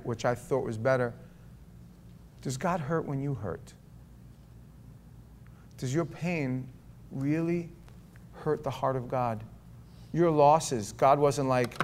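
A man preaching at a Bible study in a folksy, conversational manner. He reads scripture aloud and comments as he goes. He drops into quiet asides, then rises to loud, emphatic stretches. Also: mid-range voice, slight background noise. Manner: folksy, animated, swings from soft asides to loud emphatic reading. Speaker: pastor leading a Bible study. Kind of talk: conversational sermon.

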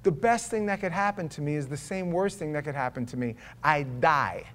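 A man with a high voice, preaching a sermon with strong emphasis. He swings from forceful, raised declarations down to hushed, low asides. He puts rhetorical questions straight to his listeners. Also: lively intonation, fairly quick.

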